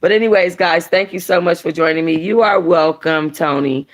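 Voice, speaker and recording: Animated woman reading a novel aloud. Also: on the low side, moderate pace. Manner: animated, slangy, expressive. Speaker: book club host and reader. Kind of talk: reading a novel aloud, then casual chat.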